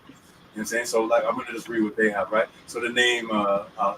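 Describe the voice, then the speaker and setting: A man with a lowish, level voice talks fairly quickly as he hosts a laid-back discussion of the weekly Torah portion from inside a moving car. He drops street slang and keeps checking that the listener follows, and a distant mic picks up faint road noise.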